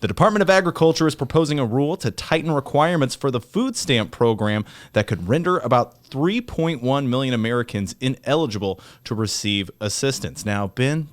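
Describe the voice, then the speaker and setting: A male co-host reads the news in a steady, mid-pitched, matter-of-fact voice. Soft music plays faintly under him in the studio. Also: fairly quick, few pauses. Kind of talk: news rundown on a talk show.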